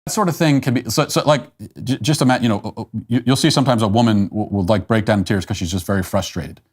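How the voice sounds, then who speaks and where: A man hosting a commentary show, delivering a measured, emphatic opinion monologue and slowing down to stress his points. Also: on the low side, slightly rough. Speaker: political commentary show host.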